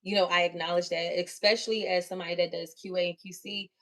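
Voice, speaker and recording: A woman's voice: lowish voice, level tone, quick pace, fairly bright tone. Young woman on a livestream, chatty and encouraging, laughs a lot, acts out little quotes. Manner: empathetic and encouraging. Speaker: livestream host leading a leadership meeting. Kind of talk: casual livestream talk.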